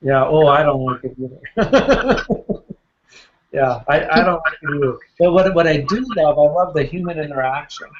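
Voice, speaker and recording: A man's voice: a little high, normal speed, highs cut off. A man coaching real estate agents in a casual question session, talking in a chatty way, repeating words and telling anecdotes. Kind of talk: casual Q&A with a listener.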